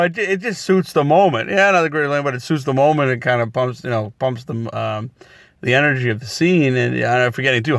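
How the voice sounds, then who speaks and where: A man's voice: a bit bright, no echo, clean studio sound. A man casually talking through his thoughts on a movie series, rambling with many fillers and restarts. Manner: acts out quoted lines in a higher voice. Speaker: movie reviewer. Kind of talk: casual spoken review.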